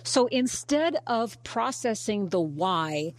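A woman's voice: mid-range voice, big pitch swings, takes it slowly. A woman interviewer who listens attentively and affirms often, asking reflective questions. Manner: attentive, affirming, frequent mm-hmms.

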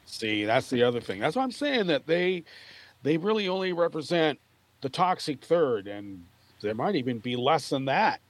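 A man's voice: on the high side, big pitch swings, normal speed, no echo. A man in a casual political chat, telling opinionated stories with emphasis.

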